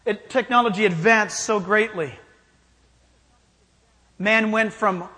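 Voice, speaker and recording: A man's voice: high-pitched, bright, forceful tone. A man preaching a sermon in an emphatic style, challenging his listeners directly. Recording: long hall reverb.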